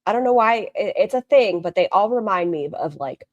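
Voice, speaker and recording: A woman's voice: medium pitch, expressive, a little fast, dry recording, highs cut off. A woman streamer reacting to a video with blunt, sarcastic commentary and plenty of swearing.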